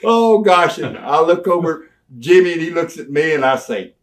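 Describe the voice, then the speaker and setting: An older man, telling animated, folksy stories as an interview guest and laughing along the way. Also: on the high side, brisk. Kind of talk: storytelling in a sit-down interview.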